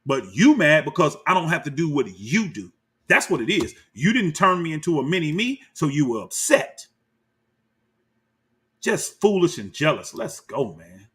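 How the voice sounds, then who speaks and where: Slightly high and breathy at the edges, this man's voice moves at a moderate pace as he reacts to clips. Animated and combative, he names names in heated commentary and speaks straight to viewers, calling them y'all.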